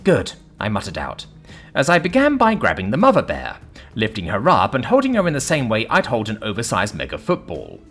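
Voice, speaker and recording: A man narrating a first-person story in a lively, dramatic reading style. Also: fairly low pitch, brisk, soft background music.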